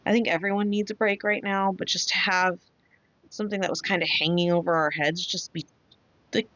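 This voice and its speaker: A woman's voice: fairly low pitch, steady tone, brisk, fairly bright tone, no room sound. A woman hosting a craft channel, chatting casually and rambling through a story with lots of fillers. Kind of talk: casual chat while crafting. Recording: dull, dry lo-fi sound.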